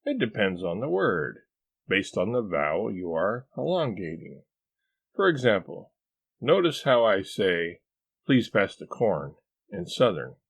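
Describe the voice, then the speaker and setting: A man voicing a pompous, eccentric husband who lectures in a drawn-out, know-it-all way in a storybook reading. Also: on the low side, sing-song, gravelly, husky, dry recording, pitched above the performer's own voice, full character voice. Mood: lecturing.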